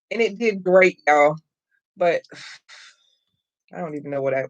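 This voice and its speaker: Woman, middle-aged, live-stream craft host, unhurried chatty talk, lowish voice, greets viewers by name. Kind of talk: casual live-stream chat while crafting.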